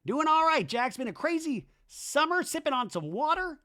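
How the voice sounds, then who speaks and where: A man voicing an excitable, accusing man in a high, shouty, wounded tone. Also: normal speed, heavily acted. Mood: indignant.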